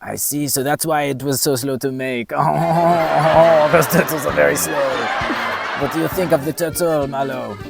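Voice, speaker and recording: Jokey French-accented man with a gravelly voice. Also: a little high, fairly even intonation, measured pace, over loud music. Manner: jokey, teasing, sprinkles French words. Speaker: host. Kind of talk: playful children's show hosting.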